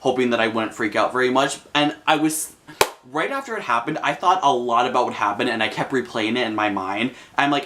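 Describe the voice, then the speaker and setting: Brief: young adult male vlogger, storytime delivery, animated, loose and chatty, mid-pitched. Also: a little fast, a little hiss or hum. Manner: chatty, animated retelling full of fillers. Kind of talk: casual storytime.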